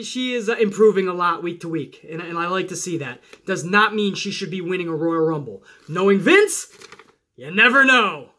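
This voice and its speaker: A man hosting a casual wrestling podcast, animated and chatty, swearing and talking straight to his listeners. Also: high voice. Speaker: podcast host.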